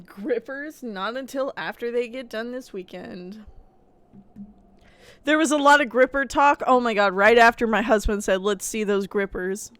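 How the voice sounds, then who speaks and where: A woman streamer chatting casually while she games at home, blunt and quick to laugh. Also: on the high side, fairly bright tone, smooth, no room sound. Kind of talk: casual live-stream chat while gaming.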